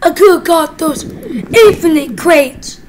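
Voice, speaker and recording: Very high-pitched excitable woman gamer. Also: slow pace, rough recording. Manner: excitable, squealing and shouting between whispered asides. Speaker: gaming channel host. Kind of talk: game commentary. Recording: home recording with clear background noise.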